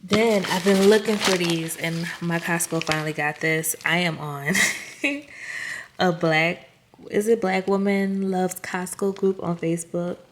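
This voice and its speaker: A woman's voice: on the low side, steady tone, a little slow, noisy background. A woman vlogger casually chatting through a grocery haul, talking straight to her viewers and laughing at herself. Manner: chatty, self-amused, talks to viewers directly.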